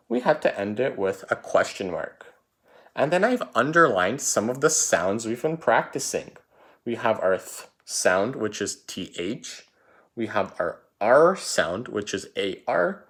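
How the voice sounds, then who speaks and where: A man's voice: fairly low pitch, fairly bright tone. A man teaching a recorded spelling lesson for children, patient and repetitive, calling out words and letters.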